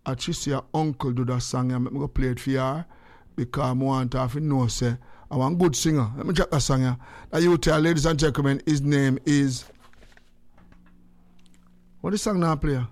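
A man's voice: mid-range voice, steady tone, normal speed, pauses often, a little mellow, no echo. An older man in his sixties with a Jamaican accent, hosting a radio show in rambling, jokey casual chat. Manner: rambling, jokey, repeats phrases. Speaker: radio host.

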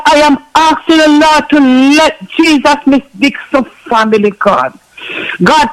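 A man's voice: very high voice, fairly bright tone, low-quality recording. A man ministering in an impassioned spoken prayer for someone, ending nearly every phrase with a call to God. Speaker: minister praying for a caller.

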